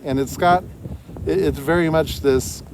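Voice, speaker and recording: A man's voice: on the high side, steady tone, a little slow, noisy background. A man talking through a book summary in a loose, conversational way, with frequent fillers and restarts. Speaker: book reviewer. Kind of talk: casual spoken book summary.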